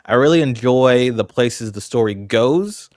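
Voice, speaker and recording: A man's voice: medium pitch, expressive, a little slow, darkish tone, no echo, clean studio sound. A man casually talking through his ranking of video games, rambling and conversational with lots of asides. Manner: chatty, rambling, fillers like "you know". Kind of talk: casual commentary.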